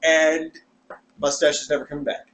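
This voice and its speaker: A man's voice: on the high side, level tone, moderate pace, fairly bright tone. A young man co-hosting a casual podcast chat, teasing his friend with dry banter. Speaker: podcast co-host.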